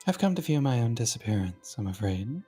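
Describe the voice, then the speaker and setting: Leith, a calm and composed dream-world guide, read aloud by a friend. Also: medium pitch, breathy edge, faint music behind. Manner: calm, measured, slightly formal. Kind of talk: reading a visual novel aloud.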